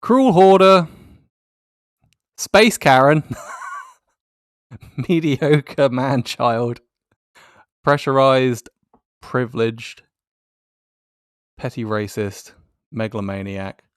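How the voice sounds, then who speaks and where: A man's voice: medium pitch, drawn-out words, long pauses, clean tone, no echo. Man, sardonic vlog commentary, swears a lot, dry close sound. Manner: sardonic, swearing, laughing often. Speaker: YouTuber. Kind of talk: casual commentary reading tweets.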